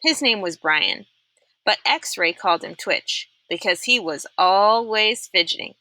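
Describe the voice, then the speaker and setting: Young woman reading a kids' novel out loud, super bright voice, lively, does the character voices. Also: mid-range voice, measured pace. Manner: expressive, animated reading that puts on voices. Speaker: storyteller reading a chapter book aloud. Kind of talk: read-aloud of a children's novel.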